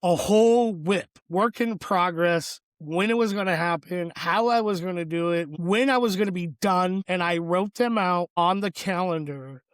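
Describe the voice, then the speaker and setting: A man with a somewhat high-pitched voice tells a personal story on a podcast. He sounds earnest and reflective and leans on lots of fillers. The recording is close and dry. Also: moderate pace, hardly any pauses, clean tone, no room sound. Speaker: podcast co-host.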